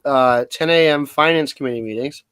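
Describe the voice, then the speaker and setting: A man chatting casually on a video call as co-host, rambling and trailing off as he goes. His voice sits at a middling pitch, and it sounds dry and close, with no room around it. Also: normal speed, a bit bright, clear, resonant tone, no echo. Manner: rambling, trails off, eats while talking. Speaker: podcast co-host. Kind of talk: casual chat about local politics.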